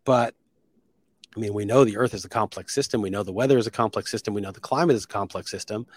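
A man's voice: fairly low pitch, fast talker, darkish tone. A man hosting a solo podcast, talking in an opinionated, sarcastic, rambling way with many restarts. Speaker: podcast host.

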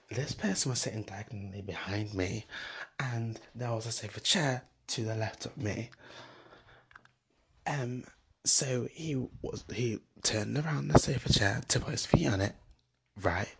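A woman with a gravelly, husky voice rambles through a story to camera. She is blunt and sassy, jumping from loud, animated outbursts to quiet, almost whispered asides. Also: very deep voice, unhurried, long pauses. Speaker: vlogger.

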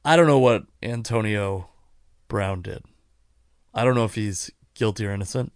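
Recorded with studio quality and no echo, a podcast host with a lowish voice speaks at normal speed in a casual solo monologue. He sounds tired, rambling along with wry asides and frequent self-corrections.

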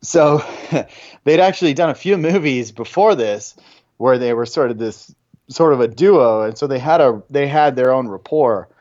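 A man's voice: medium pitch, lively intonation, moderate pace, a little mellow, no echo. Male podcast host, rambling storyteller, dry muffled mic sound. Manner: anecdotal, many restarts and fillers. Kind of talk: casual film chat.

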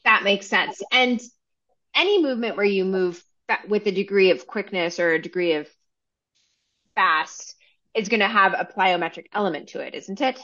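A woman's voice: medium pitch, normal speed, bright, forceful tone, dull audio. A woman co-hosting a podcast, asking follow-up questions in casual interview chat. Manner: asks follow-up questions, short affirmations.

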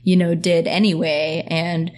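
Earnest, fast-talking woman podcast host. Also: lowish voice, flat delivery, darkish tone. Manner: earnest, talks in quick bursts with many fillers. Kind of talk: casual podcast discussion.

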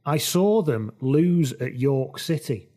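A man hosting a casual football podcast, telling stories with quick asides. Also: on the high side, animated, warm tone. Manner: chatty storyteller, quick asides. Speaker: podcast host.

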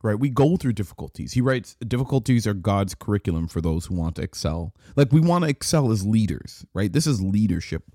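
Low, dark-voiced male podcast host. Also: expressive, a little fast, hardly any pauses, dry recording, clean studio sound. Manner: rambling and conversational, with frequent restarts and repeated words. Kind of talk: casual solo podcast talk.

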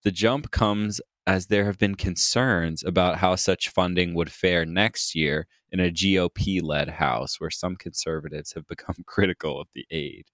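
A man co-hosting a podcast, talking in a slow, scornful, swearing way in casual political banter. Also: low voice, steady tone, a bit bright, no echo, studio quality. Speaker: podcast co-host.

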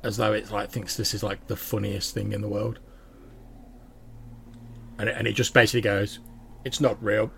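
A man's voice: fairly low pitch, little pitch movement, normal speed, creaky, long pauses, pushed and bright. A man narrating as game master of a tabletop game, descriptive and loose, with frequent fillers.

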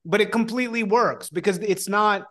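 A man's voice: high voice, moderate pace. A man guesting on a podcast as a film analyst, talking animatedly, filling his speech with "like" and casual swearing. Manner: animated, swears often, lots of "like". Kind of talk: casual conversational podcast chat.

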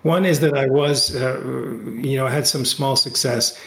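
A middle-aged man telling a story in a casual interview over a video call, animated and full of restarts, his voice jumping high when excited. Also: moderate pace, reverberant. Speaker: guest, author and Tai Chi teacher.

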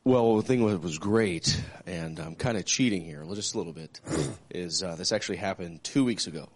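A man casually telling a story in a church group, lively and acting out the phone calls he describes. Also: low-pitched, moderate pace. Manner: animated, acts out phone calls. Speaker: church small-group member.

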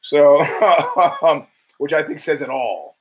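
A man's voice: fairly high pitch, expressive, slow pace, a little mellow, low-quality recording. A man hosting his own podcast, talking in a casual, profane and rambling monologue with emphatic bursts. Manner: profane, rambling storytelling with frequent restarts. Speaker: podcast host.

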